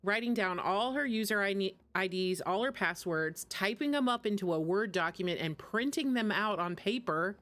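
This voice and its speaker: A woman's voice: mid-range voice, animated, normal speed, hardly any pauses, a bit bright. Chatty woman streamer, laughing often. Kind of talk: casual chat while gaming.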